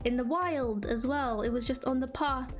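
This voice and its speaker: Chirpy high-voiced young woman streamer. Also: moderate pace. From England. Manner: rambling, filler-heavy, chirpy. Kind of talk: casual chat with viewers. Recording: faint music behind.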